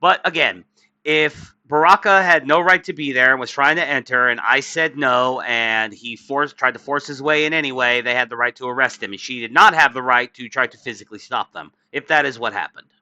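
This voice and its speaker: A man's voice: medium pitch, a little fast, bright, forceful tone, no echo, lo-fi sound. A tired, yawning man hosting a profane political commentary show. He reads news aloud with sarcastic asides and stumbles often. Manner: crude, sarcastic, stumbling over reading with many uhs. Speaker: political commentary channel host.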